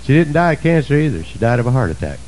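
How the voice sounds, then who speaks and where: A male preacher delivering a sermon, emphatic and swinging between shouts and low asides. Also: big pitch swings, racing, slight background noise, poor audio.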